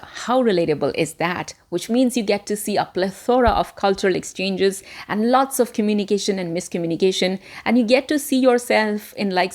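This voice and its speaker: A woman host talks straight to camera in a relaxed, chatty vlog. Her voice sits at an ordinary middle pitch, and her delivery is upbeat and conversational, with the ease of a former presenter. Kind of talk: casual talking-to-camera recommendations.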